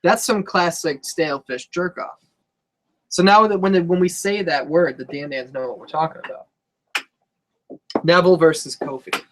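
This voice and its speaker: A man co-hosting a casual wrestling podcast, loud and joking with a lot of profanity. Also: on the high side, normal speed, pauses often. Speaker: podcast co-host.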